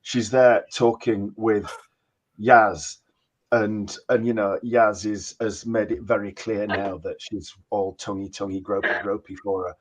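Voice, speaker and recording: Scathing low-voiced man. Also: fairly even intonation, unhurried, low-quality recording. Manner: scathing, mocking. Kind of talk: casual chat.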